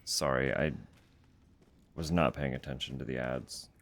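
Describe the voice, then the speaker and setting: Low-voiced giggly male streamer. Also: steady tone, measured pace, gravelly, a bit bright. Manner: giggly, rambling, often apologizing. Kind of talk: casual live-stream game commentary.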